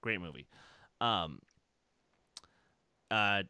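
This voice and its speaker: A man hosting a casual podcast, with a low-pitched voice that is still bright and crisp. He talks with eager enthusiasm and wanders through long tangents. He is recorded close and dry, with no room echo. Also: animated, extremely slow. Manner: enthusiastic, rambling, laughs often. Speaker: podcast host.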